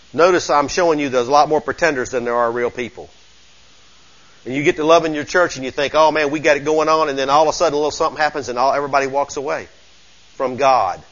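Southern pastor guy preaching, folksy and emphatic, high bright voice, kinda muffled lo-fi recording. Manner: folksy, emphatic preaching with call-outs to the congregation. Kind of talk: sermon.

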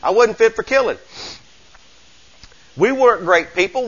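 Southern pastor guy preaching, folksy and emphatic, high bright voice, kinda muffled lo-fi recording. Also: very animated, a little fast. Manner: folksy, emphatic preaching with call-outs to the congregation. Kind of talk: sermon.

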